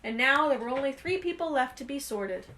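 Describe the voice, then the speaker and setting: A woman reading a children's fantasy novel aloud with expressive, lively storytelling. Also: sits high, fairly quick. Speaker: reader.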